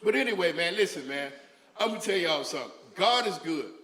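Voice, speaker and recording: A man's voice: high-pitched, expressive, fairly quick, a bit bright, slight background noise. A man doing a stand-up comedy set on stage, telling stories in a loose, chatty way and talking back to the crowd. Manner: loose, conversational storytelling with crowd asides. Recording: echoey hall with long reverb.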